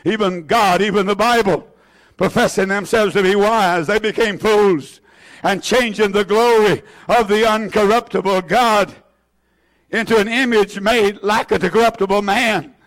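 Male preacher with a high voice and a fervent church-sermon delivery. Repeats phrases, drops lots of "uh"s, and swings between shouting and near-whispers. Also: steady tone, unhurried. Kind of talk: impassioned sermon.

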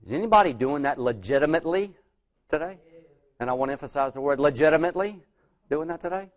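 A man's voice: mid-range voice, expressive. Man preaching and reading scripture. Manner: asks the congregation questions, reads King James verses slowly. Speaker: lay preacher. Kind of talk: conversational sermon with scripture reading.

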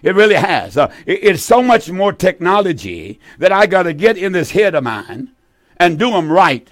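A man's voice: high voice, very animated, moderate pace, no room sound, studio quality. An eighty-year-old man preaching on television in a fervent, folksy way, repeating key lines and drawing words out for emphasis. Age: 80s. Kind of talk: sermon with call-in appeal.

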